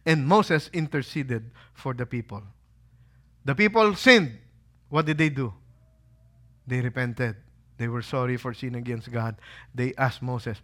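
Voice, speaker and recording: Bright-voiced man preaching with questions. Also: medium pitch, unhurried. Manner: lively preaching, rhetorical questions, acted quotes. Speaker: pastor. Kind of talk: sermon. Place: holy site visit.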